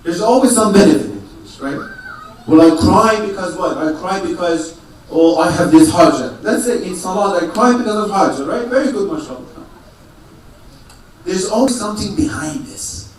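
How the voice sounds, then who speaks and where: A man preaching to a congregation in a strongly echoing prayer hall, caught from a distance with faint room noise behind him. His voice sits a little high. He asks rhetorical questions, answers them himself, and comes back to the same phrases again and again. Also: animated, normal speed. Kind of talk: religious sermon to a congregation. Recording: echoey hall, mic far off.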